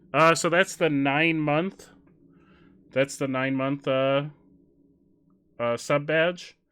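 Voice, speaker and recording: A man's voice: on the high side, steady tone, drawn-out words, pauses often, fairly bright tone, smooth. A man chatting casually on a live stream, telling dad jokes, laughing often and correcting himself as he rambles. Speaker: game streamer.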